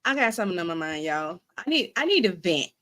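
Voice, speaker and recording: A young woman with a bright, clear voice that sits low for a woman talks frankly and animatedly as a podcast guest. She vents quickly and mixes in laughter. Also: very animated. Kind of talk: casual chat, venting.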